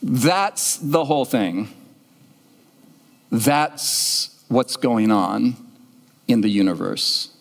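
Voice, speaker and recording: A man preaching a sermon as pastor, telling a story in an animated way and acting out the people in it. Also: mid-range voice, very slow, gravelly, pauses often. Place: church sanctuary. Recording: long church-hall reverb.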